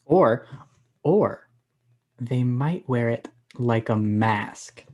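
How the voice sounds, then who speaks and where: A young actor playing a deadpan young man afraid of buildings, pedantic and rambling when he tells a story. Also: medium pitch, very slow. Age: young adult. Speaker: actor in a student comedy sketch. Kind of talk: stage comedy dialogue.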